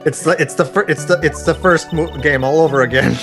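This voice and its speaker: A co-commentator in a let's-play session, jokey and excitable. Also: mid-range voice, brisk, music in the background. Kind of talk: casual gaming banter.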